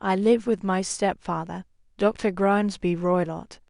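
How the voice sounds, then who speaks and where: A woman's voice: medium pitch, steady tone, a little slow, gravelly, darkish tone, no echo, studio quality. A woman voicing a frightened young woman who pleads anxiously for help in an audiobook story. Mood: worried.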